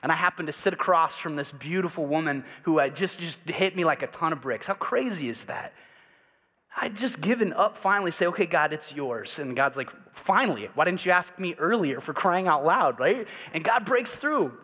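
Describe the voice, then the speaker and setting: High, bright-voiced preaching man in a hall. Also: expressive, normal speed. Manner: swings from loud preaching to quiet confiding asides; leads congregation in call and response. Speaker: pastor. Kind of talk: sermon. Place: church sanctuary.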